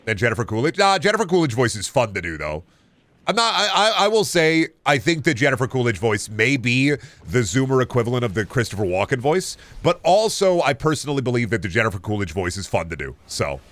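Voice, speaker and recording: A man's voice: very animated, a little fast, fairly bright tone, no room sound. Rambling profane young male streamer. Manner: rambling and profane, reacting to chat; pitch leaps up and down often. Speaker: game streamer. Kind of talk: casual live-stream chat while gaming.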